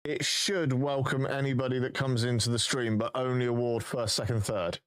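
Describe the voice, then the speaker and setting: A man's voice: medium pitch, steady tone, normal speed. A man live-streaming, chatting casually and thinking aloud while he fixes his voice settings.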